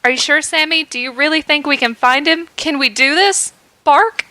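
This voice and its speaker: A woman's voice: high voice, moderate pace, sharp tone, dry recording. A woman voicing an anxious, foul-mouthed male corgi dog who barks mid-sentence in a comic fan story reading. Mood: nervous.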